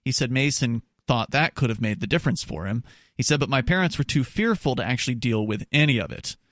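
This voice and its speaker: A man's voice: mid-range voice, animated, fast, fairly bright tone, no room sound, studio quality. A male radio talk show host reading news stories aloud and chatting with his co-host, with casual asides and restarts. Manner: conversational with frequent restarts and asides.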